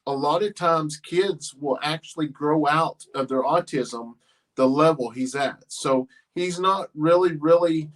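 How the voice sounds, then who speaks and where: A middle-aged man, hosting a casual livestream chat about his farm and family, rambling and halting with many fillers. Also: fairly high pitch. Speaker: farm channel host.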